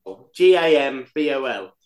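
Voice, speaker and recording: Animated man quizzing his friends. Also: medium pitch, moderate pace. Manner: playful, quizzing the others. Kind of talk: casual chat.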